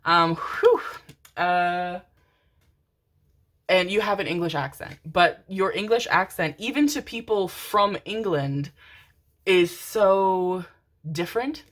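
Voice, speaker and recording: A woman's voice: fairly low pitch, animated, slow pace, long pauses. A woman from Canada giving a pick-a-card tarot reading, rambling and enthusiastic, swearing freely and calling her viewers darlings. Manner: rambling, swears a lot, laughs often, calls viewers darlings.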